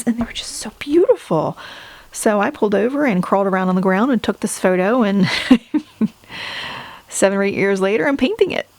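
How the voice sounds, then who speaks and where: Chatty woman with a gravelly low voice. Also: a little mellow, no room sound. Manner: chatty, self-deprecating, laughs at herself. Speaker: artist showing her sketchbook. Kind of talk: casual narrated flip-through.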